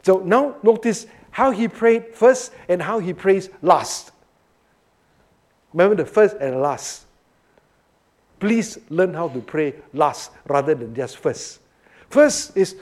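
A man teaching through a psalm verse by verse, animated and often checking in with his listeners. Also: high voice, slow, long pauses. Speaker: Bible teacher. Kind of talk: expository sermon.

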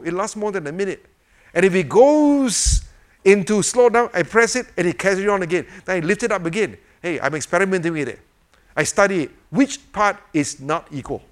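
An older man giving an informal sermon, animated and full of rhetorical questions, chuckling as he demonstrates a fidget toy. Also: high voice. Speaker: preacher.

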